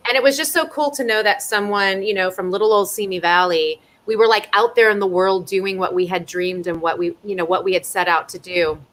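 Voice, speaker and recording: A woman's voice: mid-range voice, brisk, hardly any pauses, fairly bright tone. A woman from Southern California, an actress chatting playfully and laughing often as a guest in a live online interview from home over a video call. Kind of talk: casual live interview chat.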